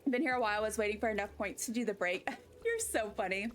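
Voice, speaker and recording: Casual woman game streamer, mid-pitched, rambling, sidetracked, talks to chat. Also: lively intonation, quick pace, slight background noise. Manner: rambling, easily sidetracked chatter; reads chat aloud and answers it.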